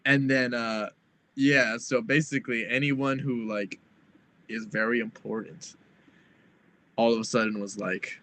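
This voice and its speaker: A man's voice: mid-range voice, fairly even intonation, unhurried, pauses often, fairly bright tone, a little hiss or hum. A man in his twenties, a podcast guest, rambling through a casual story with lots of "like", laughing often and quoting people as he goes.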